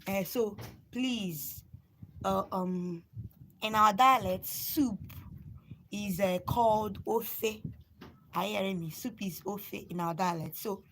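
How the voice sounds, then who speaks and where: Speaking slowly and pausing often, a young Nigerian woman, native in Igbo, teaches words during a casual phone live stream, repeating and spelling each one and urging viewers to write them down. Her medium-pitched tone is fairly bright, though the poor audio has a little hiss or hum.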